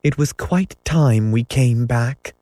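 A man doing Wendy, gentle motherly girl. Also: mid-range voice, slow, no room sound, clean studio sound, voice pushed up, lightly acted. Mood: earnest. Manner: gentle, faltering. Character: earnest motherly young girl.

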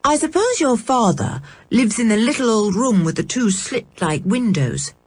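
A woman reading a storybook, voicing a brisk, matter-of-fact boy. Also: a little high, very animated, slightly rough, voice pushed up.

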